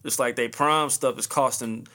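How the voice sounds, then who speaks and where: A man's voice: medium pitch, fairly even intonation, moderate pace, bright, forceful tone. A man in his early thirties hosting a podcast alone, talking casually in a loose, rambling way full of slang. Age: early 30s; 30s. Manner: laid-back, rambling slang-heavy talk. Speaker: podcast host. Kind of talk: casual solo podcast monologue.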